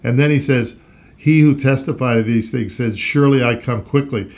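A man's voice: medium pitch, moderate pace, darkish tone. Earnest man teaching scripture aloud. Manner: earnest, reads scripture aloud with rising emphasis. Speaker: Bible teacher co-hosting a Christian talk show. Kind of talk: conversational Bible teaching.

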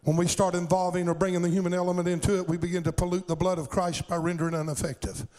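High-voiced preaching pastor who shouts at peaks. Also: male voice, level tone, very fast, poor audio. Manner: preaching with call-and-response cries, rising to shouts. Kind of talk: sermon.

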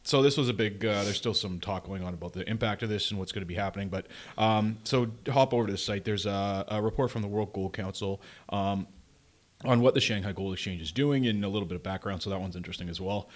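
Speaking fast in a lowish voice, this man co-hosts a podcast. He chats casually and loosely, using lots of filler words and chuckling often.

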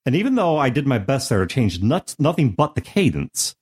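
A man's voice: mid-range voice, fairly quick, breathy edge. A man hosting a podcast in a recording studio, explaining ideas thoughtfully in a casual way. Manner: thoughtful, explanatory, lively intonation. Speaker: podcast host.

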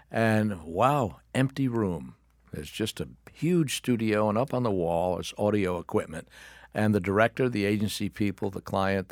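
Deep-voiced older man telling stories. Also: no room sound, clean studio sound. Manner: wry, animated anecdote telling. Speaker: guest, actor and author. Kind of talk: storytelling in a studio interview. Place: radio studio.

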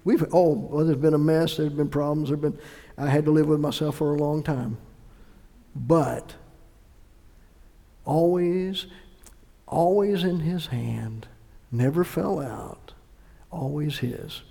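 Pregador de voz aguda e rouca. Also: male voice, on the high side, takes it slowly, gravelly, pauses often, big-room sound. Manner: emphatic preaching with sudden shifts between loud and hushed delivery. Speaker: pastor. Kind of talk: sermon.

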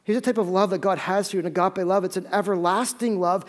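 Male pastor, fairly high voice, earnest conversational sermon delivery. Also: fairly even intonation. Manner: earnest, conversational preaching with dramatic pauses.

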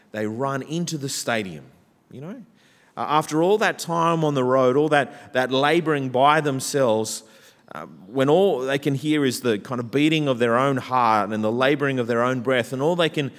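Man preaching in a reverberant church. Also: mid-range voice. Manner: builds from quiet to loud, rousing. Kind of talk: sermon. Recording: church hall with long reverb.

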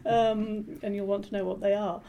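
A woman translator being interviewed, explaining her work in a measured, thoughtful way with frequent pauses and ums. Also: mid-range voice, flat delivery, highs cut off, slight background noise. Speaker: literary translator, interview guest. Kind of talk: thoughtful academic conversation.

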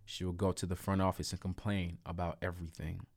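A man's voice: low voice, fairly quick, no echo. A man casually telling a personal story to camera, emphatic and repeating points for effect. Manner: animated, emphatic, repetitive asides. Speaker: storyteller vlogger.

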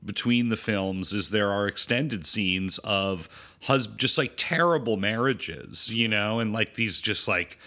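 A man's voice: lowish voice, measured pace, few pauses, bright, forceful tone. A man co-hosting a podcast, talking casually and rambling about films while acting out lines from them. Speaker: podcast co-host. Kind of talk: casual film discussion.

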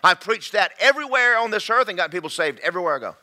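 A man preaching a sermon to a congregation, swinging between loud shouts and quiet, confiding asides. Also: high-pitched, animated, fast.

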